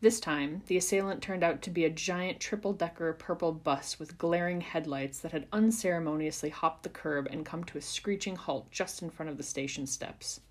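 A woman reading a fan fiction chapter aloud for a podcast in a measured, expressive storytelling manner. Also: deep voice. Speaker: podcast reader.

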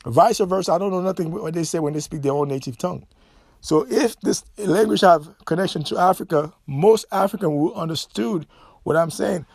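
A man's voice: high voice, normal speed, creaky, darkish tone, breathy edge, dry recording, studio quality. A middle-aged man with a Haitian accent, hosting a solo podcast and making his points emphatically, repeating himself with loose grammar. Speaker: podcast host.

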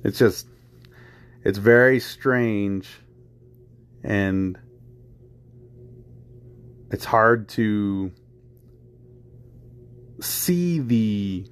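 A man's voice: on the low side, drawn-out words, pauses often, smooth. A man hosting a podcast, talking in a heated, rambling way, repeating phrases, swearing and filling with "you know" and "I mean". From United States. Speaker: podcast host. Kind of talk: casual chat.

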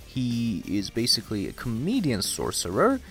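A man's voice: medium pitch, huge pitch swings, moderate pace, gravelly, a bit bright. Young guy rambling thru a recap, voice jumps all over, faint music behind. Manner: rambling, heavy "you know" fillers, laughs at the story. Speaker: anime recap commentator. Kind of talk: casual chapter recap.

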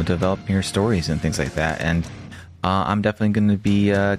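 Low-voiced chatty man hosting a podcast. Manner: rambling, chatty, casual swearing. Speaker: podcast host. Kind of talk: casual podcast interview.

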